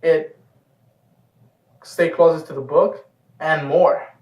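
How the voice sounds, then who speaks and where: Man, host, casual film review, enthusiastic, rambling, slightly high voice, echoey room. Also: steady tone, slow pace, a little mellow. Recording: echoey room, far from mic.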